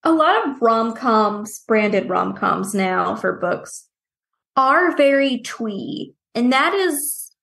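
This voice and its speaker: A woman's voice: fairly high pitch, very animated, takes it slowly, vocal fry, fairly bright tone. A woman co-hosting a podcast, chatting casually with lots of filler words. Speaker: podcast co-host. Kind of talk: casual chat.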